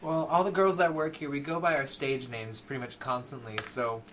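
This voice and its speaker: A man's voice: medium pitch, fairly even intonation, fairly quick, a bit bright, slight background noise, lightly acted. A man voicing a petite, scarred young woman who works as a dancer, easygoing and amused. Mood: casual.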